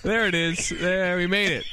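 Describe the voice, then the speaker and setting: A man's voice: high voice, bright, forceful tone, slight background noise. A man chatting casually on a podcast, tossing in jokes and punchlines and laughing often. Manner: joking, quick with punchlines, laughs a lot. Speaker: podcast co-host. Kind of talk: casual chat.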